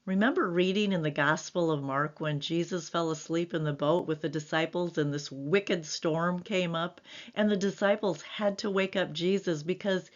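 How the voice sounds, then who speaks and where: A woman pastor giving a devotional sermon in a gentle, earnest, reflective way. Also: on the low side, fairly even intonation, moderate pace. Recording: slightly dull lo-fi recording.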